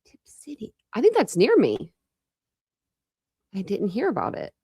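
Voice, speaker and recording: A woman's voice: mid-range voice, huge pitch swings, unhurried, mellow, slightly rough, no echo, clean studio sound. A woman hosting a true crime livestream, chatting casually and greeting viewers by name with lots of fillers. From Ohio, United States.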